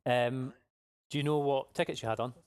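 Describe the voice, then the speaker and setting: A man's voice: mid-range voice, steady tone, moderate pace, a crowd in the background. A man hosting a live prize draw, chatty, upbeat and jokey. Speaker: giveaway live draw host. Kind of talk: casual live-stream chat.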